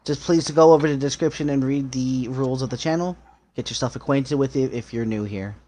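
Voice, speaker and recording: A man hosting a casual online stream, relaxed as he makes short announcements to the chat. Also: mid-range voice, brisk. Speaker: host.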